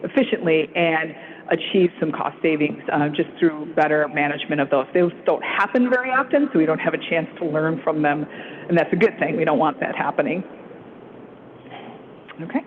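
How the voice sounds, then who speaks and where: A woman giving a staff report at a council retreat, halting, with many fillers and restarts. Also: low-pitched, a little hiss or hum. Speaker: city staff presenter. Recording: phone-like, narrow sound.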